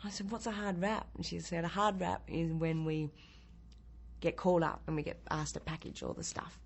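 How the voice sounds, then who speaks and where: An actress telling an interview anecdote in a lively way, acting out the lines she quotes. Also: lowish voice, normal speed, breathy edge.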